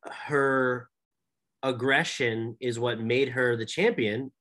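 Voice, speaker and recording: A man's voice: mid-range voice, fairly even intonation, slow pace, fairly bright tone. A man in casual podcast chat about fights, talking loosely with lots of fillers and trailing thoughts. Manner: loose, rambling, filler-heavy.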